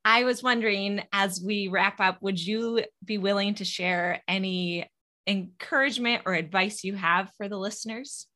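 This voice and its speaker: A woman's voice: medium pitch, moderate pace, sharp tone. A woman hosting a podcast interview, encouraging her guest and asking questions. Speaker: podcast host.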